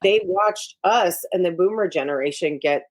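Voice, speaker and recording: A middle-aged woman, an executive coach, speaks at a moderate pace in a voice on the low side. She's a guest in a casual interview, giving advice frankly and emphatically.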